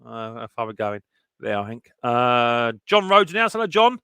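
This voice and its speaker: A man's voice: medium pitch, sing-song, normal speed, pushed and bright, clean tone, no room sound, studio quality. A man hosting a casual live stream chat, greeting viewers one by one and reading their messages aloud.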